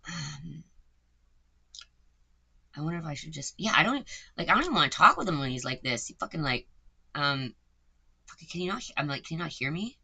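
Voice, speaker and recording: Brief: young woman, low bright voice, loose rambling talk, frequent swearing. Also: lively intonation, normal speed, gravelly, pauses often, breathy edge. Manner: rambling and swearing a lot, with many fillers. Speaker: content creator. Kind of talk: casual chat.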